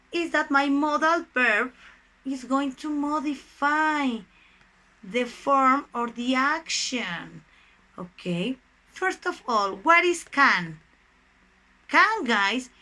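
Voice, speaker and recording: A young woman who speaks Spanish natively, teaching an online English grammar lesson with a Mexican Spanish accent, explaining slowly and deliberately and often addressing the class as "guys". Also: high voice, bright, forceful tone, low-quality recording.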